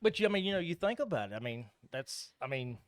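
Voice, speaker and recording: A man's voice: mid-range voice, big pitch swings, a little fast, dry recording, clean studio sound. A man co-hosting a casual podcast chat, telling a story in a laid-back, plain way. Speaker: podcast co-host.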